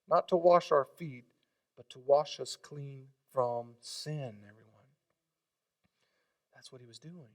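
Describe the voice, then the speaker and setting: A pastor delivering an impassioned sermon in a fairly high voice. He swings between forceful emphatic lines and near-whispered asides. The recording is dry and he sits a little away from the mic. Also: slow pace, long pauses, no room sound, recorded from a distance. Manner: impassioned preaching, swinging from loud to hushed.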